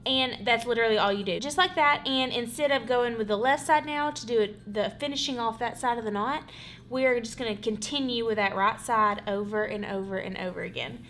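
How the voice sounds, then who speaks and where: A craft vlogger at home, working on a wall hanging, rambles casually through a tutorial and says "y'all" and "literally" a lot. Her fairly high, fairly bright voice runs a little fast, with faint music in the background.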